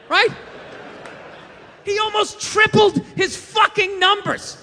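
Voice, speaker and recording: Stand-up comic, male, very high and bright voice, heard in a reverberant hall. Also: moderate pace, slight background noise. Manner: profane, rambling, animated rants with acted-out quotes. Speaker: stand-up comedian. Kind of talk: stand-up comedy routine.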